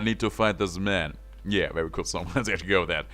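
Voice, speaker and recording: A man's voice: low voice, fast, few pauses, a bit bright, soft background music. A man streaming a game, casually chatting and reading the dialogue aloud with wry asides. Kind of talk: casual gaming commentary.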